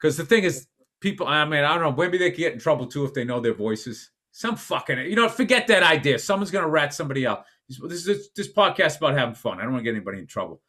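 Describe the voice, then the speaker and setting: A man in his fifties co-hosts a podcast with a bright, forceful voice that sits a little high. He riffs profanely and loosely, ribbing his friend in a casual comedic chat. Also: sing-song, quick pace. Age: 50s. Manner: profane, riffing, mocking impressions. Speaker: podcast co-host.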